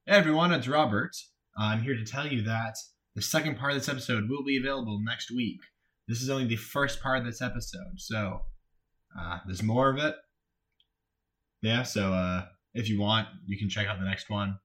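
A man's voice: mid-range voice, moderate pace, fairly bright tone. A young man giving a casual podcast outro in an awkward, rambling, self-deprecating way. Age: young adult. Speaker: podcast host.

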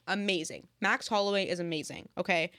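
A young woman in casual sports chat, rambling quickly with lots of filler words. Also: lowish voice, fairly bright tone. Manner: rambling, fast, heavy "like" filler.

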